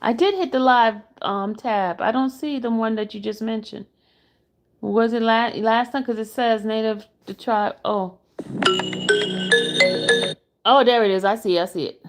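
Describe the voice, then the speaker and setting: Exasperated woman with a gravelly edge. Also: on the high side, moderate pace, pauses often, faint music behind. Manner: exasperated, talks to her viewers as she browses. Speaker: commentary streamer. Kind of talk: reaction commentary to a livestream.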